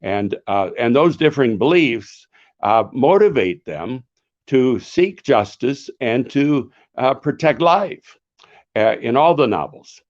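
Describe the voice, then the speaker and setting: An older man, an author and former pastor, answering questions in a live author session in an earnest, reflective way, often pausing to search for words. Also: medium pitch, expressive, darkish tone, lo-fi sound.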